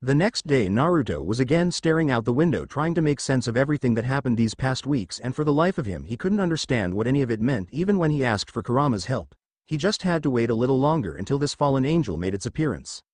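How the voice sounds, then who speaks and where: Lively male storyteller, dry sound. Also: medium pitch, fast talker, no room sound. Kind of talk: scripted fan-fiction narration.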